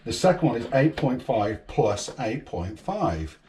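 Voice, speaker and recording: His medium-pitched, darkish voice swings widely in pitch and runs a little slow, with some hiss or hum in the audio. This vlog host is at a rainy boatyard, calmly talking his son through repairing a boat, step by step.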